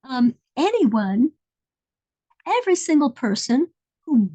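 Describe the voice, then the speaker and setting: Brief: woman storyteller, high voice, loose and meandering conversational telling. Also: sing-song, slow pace, mellow, poor audio. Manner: meandering, searching for details. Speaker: speaker telling an inspirational story.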